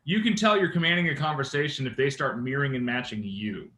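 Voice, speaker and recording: A man leading a real estate sales training session, animated and engaging, often checking in with his team. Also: medium pitch, quick pace, reverberant.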